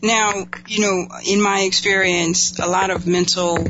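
A man's voice: high voice, level tone, a little slow. A man hosting an interview, encouraging and a little hesitant as he asks questions. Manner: encouraging, hesitant with fillers and restarts. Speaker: interview host. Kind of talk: interview conversation. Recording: dull lo-fi sound with clear hum.

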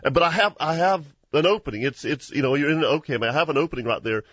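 A man, hosting a hunting show and telling a story in an animated way, with frequent laughs and restarts. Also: fairly high pitch, fast talker, breathy edge, no room sound, muffled recording. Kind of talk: casual storytelling chat.

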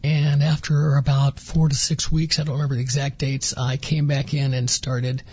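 A man's voice: mid-range voice, little pitch movement, moderate pace, a little mellow, slightly rough, muffled recording. A man guest on a radio interview, earnestly recounting his experience and acting out quoted dialogue. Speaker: interview guest, former patient.

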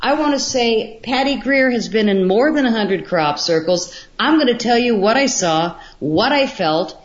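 A middle-aged woman guest telling stories in an animated way, acting out what people said. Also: fairly high pitch, normal speed. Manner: animated storyteller, acts out quotes. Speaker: guest filmmaker. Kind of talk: storytelling in a radio interview. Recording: roomy, dull lo-fi sound.

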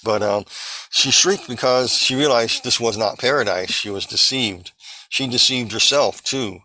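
A man earnestly recounting a vision as testimony, halting and restarting as he searches for words. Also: mid-range voice, bright, forceful tone, no echo, low-quality recording.

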